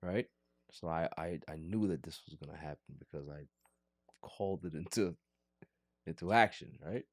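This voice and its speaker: A man hosting a casual sports podcast, joking and theatrically pleading in an animated way. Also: deep voice, normal speed, pauses often, dry recording, studio quality. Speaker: podcast host.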